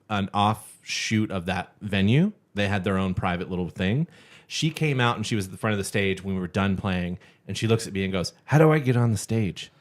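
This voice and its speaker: A man co-hosting a podcast, telling stories in casual chat and acting out quotes with loud outbursts and laughter. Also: fairly low pitch. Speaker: podcast co-host.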